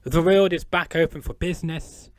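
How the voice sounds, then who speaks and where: A man's voice: on the high side, steady tone, normal speed. A man from England hosting an interview show, chatting casually with many fillers and restarts. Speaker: podcast host.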